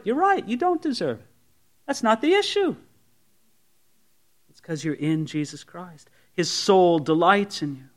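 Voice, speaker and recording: Gravelly and fairly high, this man's voice swings widely in pitch at a measured pace. He's a pastor preaching an expository sermon at a church service, speaking to the congregation in a conversational way and voicing the objections he imagines they have.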